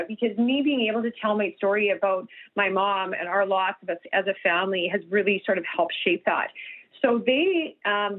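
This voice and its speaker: A woman, a nutritionist guest speaking earnestly in a radio interview, with many restarts and fillers. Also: on the high side. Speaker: guest nutritionist and health coach. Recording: tinny phone line.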